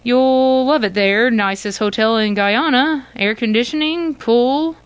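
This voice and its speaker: A woman's voice: fairly high pitch, unhurried, clean tone, no room sound, voice pushed up, close to an everyday voice. A woman reading aloud voices a cheerful middle-aged uncle who sounds eager and upbeat in a storybook adventure. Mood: excited. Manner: eager, upbeat, raises voice with excitement.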